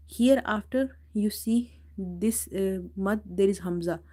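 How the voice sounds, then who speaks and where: A woman teaching Quran recitation in a live lesson, reciting verses slowly, repeating them and calmly explaining each rule. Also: mid-range voice.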